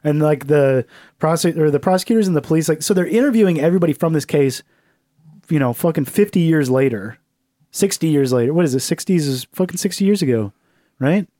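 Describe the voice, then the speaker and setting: In a casual, comedic podcast chat, this male co-host swears, fills his speech with fillers and drops into mocking voices. His fairly high, mellow voice is expressive and a little fast. The sound is clean, studio-grade and free of echo.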